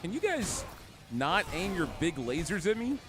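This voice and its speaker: A young man commenting excitedly on his gameplay, chatty and trash-talking enemies as he streams. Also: high-pitched, normal speed. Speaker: gaming streamer. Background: game music.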